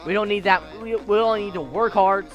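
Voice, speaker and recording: A teenage boy from the United States, a gaming streamer, talking earnestly in halting let's play commentary with many restarts. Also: high voice, fairly bright tone, lo-fi sound, faint music behind. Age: teens.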